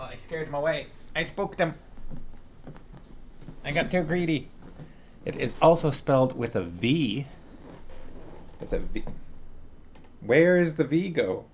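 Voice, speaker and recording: A man hosting a relaxed live stream from home, with a gravelly, fry-heavy voice. He greets viewers one after another and chats playfully, now and then turning to talk to his dog. His voice sits at an ordinary male pitch. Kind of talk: casual live-stream chat.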